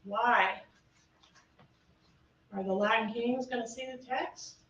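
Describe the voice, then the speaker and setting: A woman prosecutor argues her case to the jury in a fairly high voice, hammering her points home with one sharp rhetorical question after another. She sounds far from the microphone, in a roomy courtroom. The sound is muffled and carries a faint hiss. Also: steady tone. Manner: emphatic, rapid-fire rhetorical questions. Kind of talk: courtroom closing argument.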